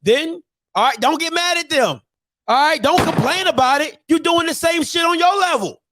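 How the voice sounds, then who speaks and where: A man hosting a live sports talk show, ranting in an animated, slangy, mocking way. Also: extremely high pitch, normal speed, noisy background. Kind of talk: live solo sports rant.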